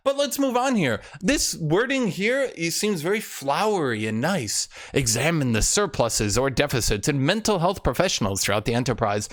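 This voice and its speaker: A man's voice: sits high, a bit bright. A young man commenting on a live stream, reading out documents to his chat with heavy sarcasm, exasperation and frequent swearing.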